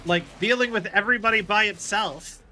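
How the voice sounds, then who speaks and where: A man's voice: high voice, a little fast, bright, forceful tone, slight background noise. A man streaming a video game, chatting casually and explaining things at length with lots of fillers. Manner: rambling, explains with many fillers. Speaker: livestreamer.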